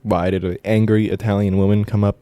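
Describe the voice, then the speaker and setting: Fast, sarcastic gaming man. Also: lowish voice, flat delivery, warm tone, dry recording. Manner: quick, sarcastic, swearing, laughing asides. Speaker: let's play host. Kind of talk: casual gaming commentary, reading narration aloud.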